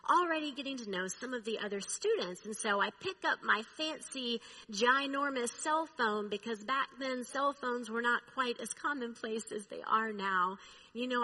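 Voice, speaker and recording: A woman preaching, telling a personal story in a slow, reflective way. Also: on the high side, pushed and bright, low-quality recording.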